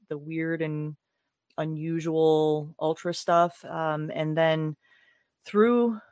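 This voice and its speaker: Woman, forties, podcast guest, animated storyteller, casual, dry close recording. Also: deep voice, no echo. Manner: animated storytelling, frequent laughs. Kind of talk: casual conversation.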